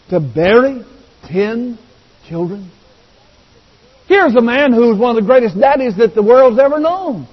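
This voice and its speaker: A male pastor preaching a sermon with passion, rising to loud cries and dropping to hushed tones. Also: very high voice. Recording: dull recording with long hall reverb.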